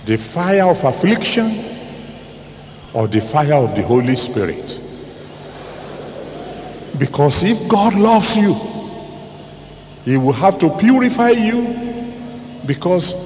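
Man preaching, dramatic swings in pitch and volume, unhurried, heard from a distance in a reverberant hall. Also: sing-song, darkish tone, a little hiss or hum. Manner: dramatic, swings from low asides to raised exclamations. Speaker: pastor. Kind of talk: sermon. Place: large church hall.

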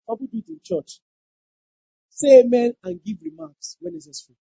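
A pastor preaching a sermon, emphatic, repeating lines and breaking into shouted exclamations. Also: medium pitch, lively intonation, brisk, no room sound. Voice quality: very husky. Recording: dull lo-fi dry recording.

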